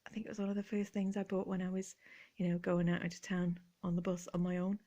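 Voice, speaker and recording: A woman's voice: lowish voice, completely flat delivery, quick pace, warm tone, muffled recording. Giggly English woman chatting at home. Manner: giggly, jokey and self-mocking. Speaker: vintage collector vlogger. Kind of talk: relaxed chatty vlog. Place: cosy room at home, indoors.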